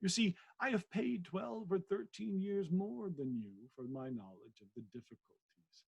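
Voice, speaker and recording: A man reading the part of a genial middle-aged country vicar and naturalist, in a wry, teasing manner and a husky voice. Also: high voice, expressive, a little slow, darkish tone, highs cut off, voice pushed up, exaggerated voice.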